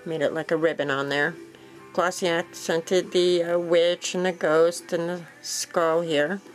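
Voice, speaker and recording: A woman casually walking viewers through a craft project, relaxed and rambling, with frequent fillers and self-corrections. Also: fairly low pitch, unhurried, soft background music, low-quality recording. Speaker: crafting vlogger. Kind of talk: casual show-and-tell walkthrough.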